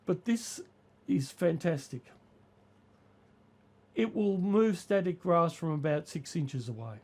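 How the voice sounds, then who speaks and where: An older man hosting a hobby vlog, hoarse and creaky from the flu. He rambles along casually with plenty of ums, his voice sitting a touch high for a man. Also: a little mellow. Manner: chatty, rambling with fillers. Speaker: model railway channel host.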